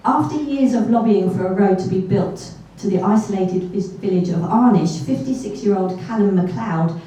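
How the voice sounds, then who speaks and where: Woman telling a funny story on stage, mellow voice, big echoey hall, mic far off. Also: mid-range voice, expressive, measured pace. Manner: self-deprecating and chatty, with asides. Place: live event hall.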